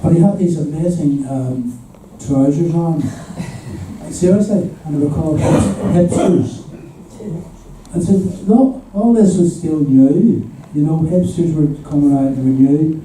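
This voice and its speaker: A man's voice: on the high side, measured pace, warm tone, slight background noise. A man in his seventies with a Belfast accent, telling chuckling stories as a guest before a live audience. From Northern Ireland. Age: 70s. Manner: chuckling anecdotal storyteller. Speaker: guest musician. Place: hall at an audience event. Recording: echoey room from far off.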